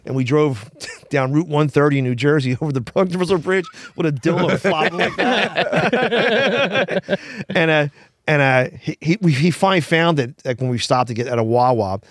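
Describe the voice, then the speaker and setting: Male podcast guest, halting storyteller, higher pitch, dry close sound. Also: dry recording. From Philadelphia area. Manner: rambling, halting with many restarts. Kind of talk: casual storytelling.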